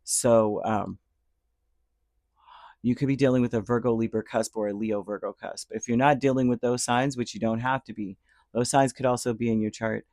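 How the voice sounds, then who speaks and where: A man's voice: medium pitch, fairly even intonation, moderate pace, a little mellow, no echo. A man giving a casual spoken tarot reading. He rambles and restarts his words often. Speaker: tarot reader.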